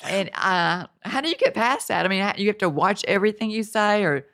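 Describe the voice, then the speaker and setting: A woman's voice: medium pitch, expressive, a little fast, fairly bright tone. A woman hosting a casual interview, asking chatty, rambling questions. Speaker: podcast host.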